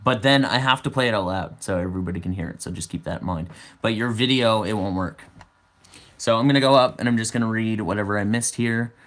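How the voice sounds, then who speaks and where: A man's voice: on the low side, fast talker, a bit bright. A man in his twenties hosting a casual livestream, chatting and answering viewer comments aloud. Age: 20s. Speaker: livestream host.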